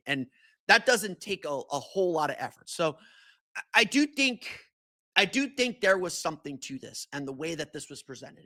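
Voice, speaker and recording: A man's voice: high-pitched, pushed and bright, dry recording. A man hosting a solo sports podcast, talking casually with many restarts and fillers. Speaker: podcast host.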